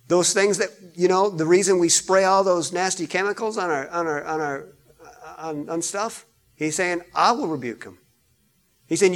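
A man's voice: sits high, moderate pace. A man preaching a sermon, reading scripture and explaining it with repetition and rising emphasis. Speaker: pastor.

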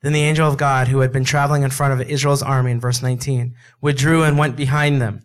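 A man's voice: mid-range voice, fast talker. A man preaching a sermon, speaking conversationally and acting out dialogue from the scripture he reads. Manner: animated, acts out dialogue with God and Moses; conversational, with asides and laughs.

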